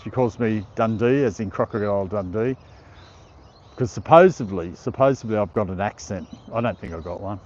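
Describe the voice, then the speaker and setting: A man's voice: lowish voice, moderate pace, darkish tone, muffled recording. Chatty Australian man live-streaming at a park. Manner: chatty, reads viewer comments aloud, laughs often. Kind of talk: casual live stream chat. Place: outdoor park.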